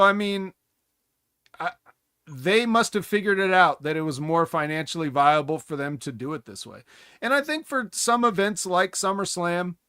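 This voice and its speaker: Man, podcast co-host, high voice, dry close sound, sarcastic, profane. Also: sharp tone, clean tone, no echo. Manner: blunt and sarcastic, swears freely. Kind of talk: casual chat.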